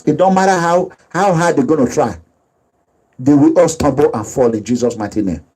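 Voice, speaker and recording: A man's voice: fairly high pitch, expressive, brisk, mellow, slightly rough, low-quality recording. A man with a Nigerian accent giving emphatic, repetitive, preachy commentary as a political activist. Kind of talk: impassioned commentary over video.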